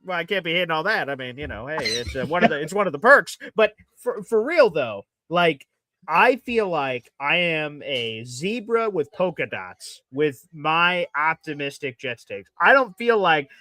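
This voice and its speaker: A man hosting a casual sports talk show, animated and jokey. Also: on the high side, normal speed, no room sound. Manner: animated, jokey, mimics fans. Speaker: podcast host.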